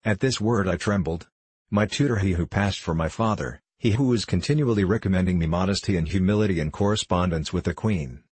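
A man reading an audiobook as a young male prisoner recounting his boyhood, in a measured, even storytelling manner. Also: sits low, slightly rough, dry recording. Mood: grave.

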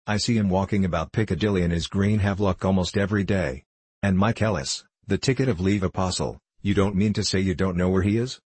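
A man's voice: low-pitched, fairly quick, darkish tone, husky. A man reading a mocking, guttural foreign diplomat. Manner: mocking, condescending. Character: scheming, contemptuous male foreign diplomat. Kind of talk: audiobook character reading.

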